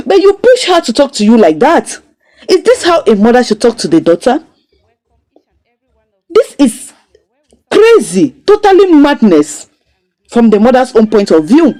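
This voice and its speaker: A woman recapping and critiquing a drama series in a casual, storytelling way. Her voice is fairly high but dark and mellow, with very lively rises and falls in pitch. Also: moderate pace, pauses often, poor audio. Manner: animated, expressive storytelling. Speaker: series reviewer.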